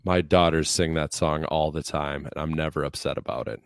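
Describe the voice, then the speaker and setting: A man's voice: a bass voice, fairly even intonation, normal speed, clear, resonant tone, dry recording, clean studio sound. A man co-hosting a casual sports chat, joking and rambling with some profanity. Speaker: podcast co-host.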